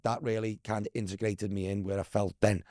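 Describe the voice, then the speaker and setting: A man's voice: fairly low pitch, little pitch movement, a little fast, darkish tone, dry recording, clean studio sound. A man with a Scouse accent, a former footballer talking as a guest, chatty and swearing freely as he tells stories. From Liverpool, England. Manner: chatty, swears freely, calls people lad. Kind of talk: casual storytelling chat.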